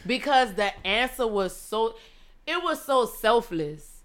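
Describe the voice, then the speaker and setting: A woman's voice: on the high side, animated, slow. A woman co-hosting a casual chat, laid-back and blunt, with frequent swearing. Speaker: podcast co-host.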